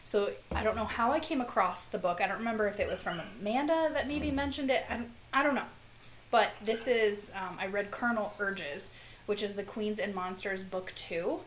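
A woman's voice: medium pitch, a little hiss or hum, low-quality recording. A woman co-hosting a podcast, chatting casually and gushing, reading book blurbs aloud. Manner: gushing, reads blurbs aloud with dramatic pauses. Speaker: podcast co-host. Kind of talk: casual chat.

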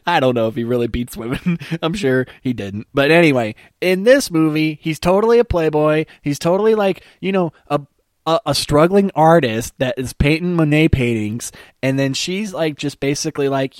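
A man's voice: a little high, moderate pace, no room sound, studio quality. Sarcastic profane man ranting. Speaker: movie reviewer. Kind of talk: comedic movie rant.

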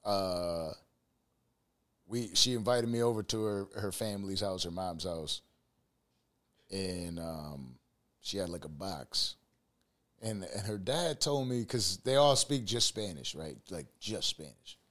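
A man's voice: sits low, takes it slowly. A man in his thirties from Buffalo, New York, hosting a casual podcast chat and telling stories with plenty of swearing and acted-out quotes. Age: 30s. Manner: animated storyteller acting out quoted lines, profane. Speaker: podcast host.

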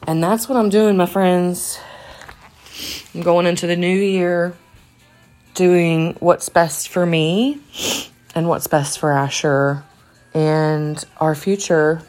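Woman, podcast host, low voice, casual rambling monologue, faint music behind. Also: darkish tone. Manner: rambling, full of fillers and restarts.

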